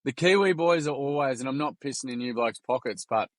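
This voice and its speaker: Young Australian man, podcast guest, animated slangy storyteller, dry sound. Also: mid-range voice, a little fast, no echo. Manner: animated, slangy, acts out quotes. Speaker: podcast guest, workshop founder. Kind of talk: casual storytelling interview.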